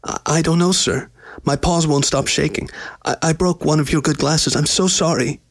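A man voicing a small, meek male jaguar in a storybook reading, raspy, shaky and stammering. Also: fairly high pitch, slow, dry recording, studio quality, voice pushed up. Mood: frightened. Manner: stammering, timid.

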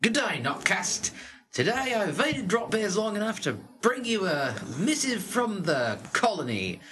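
A man's voice: high voice, sing-song, measured pace, bright, forceful tone, pitched above the performer's own voice, heavily acted. A man voicing a cheeky Australian male letter writer in a put-on Australian accent, with jokey, exaggerated slang. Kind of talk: reading a listener letter aloud.

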